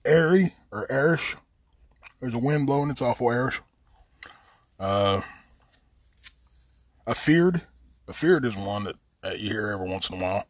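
Husky, blunt Appalachian man. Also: mid-range voice, brisk, no room sound. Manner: profane, rambling and blunt. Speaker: podcast host. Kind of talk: casual monologue.

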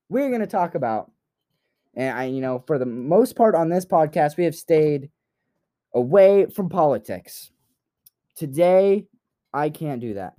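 A man's voice: fairly high pitch, big pitch swings, unhurried, long pauses, dark tone. A young man co-hosting a podcast, talking in a rambling casual way with many fillers and turning heated and blunt when riled. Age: young adult. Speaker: podcast co-host.

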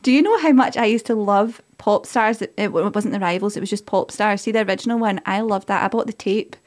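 A woman, co-hosting a podcast and chatting casually in animated, storytelling fashion. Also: mid-range voice, brisk. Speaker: podcast co-host. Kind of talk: casual chat.

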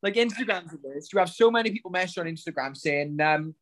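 A man's voice: high voice, expressive, quick pace. A young man, a fighter, telling stories in casual chat over a video call, laughing often and swearing. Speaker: professional fighter.

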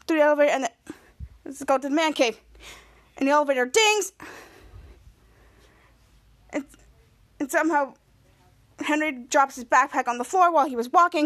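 A woman's voice: high-pitched, a bit bright. A woman podcast host rambling through a casual recap of a TV episode. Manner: rambling, repeats "cut to".

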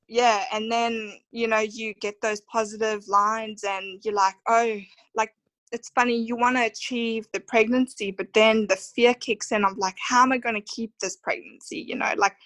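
A woman's voice: a little high, steady tone, a little slow, fairly bright tone, dry recording, poor audio. A woman in her thirties with an Australian accent, telling her personal story as a podcast guest in a heartfelt, emotional way with many fillers. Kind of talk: conversational storytelling interview.

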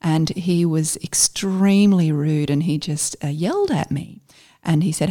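A middle-aged woman, a former army officer, telling a story in casual conversation, halting and full of fillers. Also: low-pitched, lively intonation, dark tone. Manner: halting, with many fillers and restarts.

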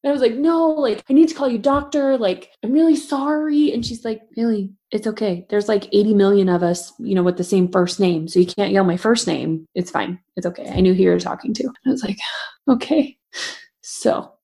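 A woman in her thirties, a veterinarian, chatting casually on a podcast and acting out quotes in animated stories. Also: medium pitch, a little fast, gravelly. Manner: animated storyteller, acts out quotes.

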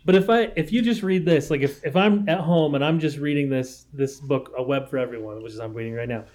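A man's voice: a little high, brisk, darkish tone. A man with a mid-range voice in easygoing podcast conversation. He pushes back emphatically, often repeating his words for effect. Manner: emphatic, repeats himself, mock-dramatic. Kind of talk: casual chat.

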